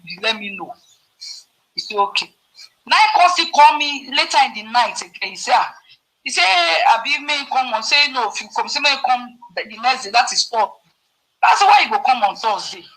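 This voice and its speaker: A woman with a Nigerian Pidgin accent, casually telling a story to her viewers and acting out the dialogue with sudden leaps in pitch. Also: fairly bright tone, husky, low-quality recording. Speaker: vlogger.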